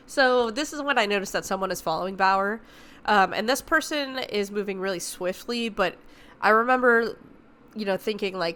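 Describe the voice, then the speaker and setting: Podcast host, young woman, bright tense tone, loose swearing movie recap. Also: medium pitch. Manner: animated, profane retelling with filler words. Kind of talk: casual movie review recap.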